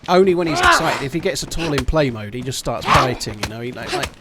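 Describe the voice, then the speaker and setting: A man chats away on a gaming live stream, loose and foul-mouthed, thanking viewers as he plays. His voice sits at an ordinary middle pitch. A steady hiss of noise runs under the stream audio. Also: fast talker. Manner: chatty, swears freely, thanks supporters. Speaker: game streamer. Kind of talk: casual live-stream chat while gaming.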